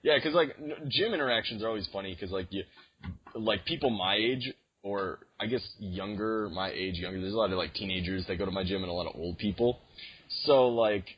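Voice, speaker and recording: Brisk and husky with a lowish pitch, a young man tells rambling stories in casual podcast chat as a co-host. Fillers and restarts abound, and the audio has a dull lo-fi quality.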